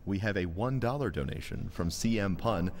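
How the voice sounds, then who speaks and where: A man's voice: on the low side, moderate pace, background noise. A man reading donation messages aloud during a live charity gaming stream, with dry, joking announcer delivery.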